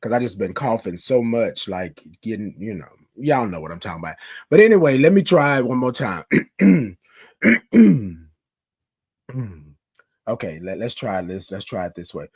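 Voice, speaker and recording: A man in his fifties with a hoarse voice from a cold, hosting a casual morning live stream and greeting viewers by name. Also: fairly low pitch, big pitch swings, measured pace, long pauses, a little mellow, no echo. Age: 50s. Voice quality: rough, scratchy voice. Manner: chatty, greets viewers by name, calls them y'all. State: hoarse, sick with a cough.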